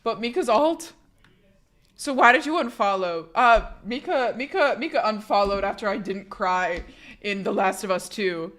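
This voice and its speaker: A woman's voice: medium pitch, moderate pace, a bit bright. A woman streamer talking casually with her chat, rambling and joking, with frequent swearing. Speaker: live streamer.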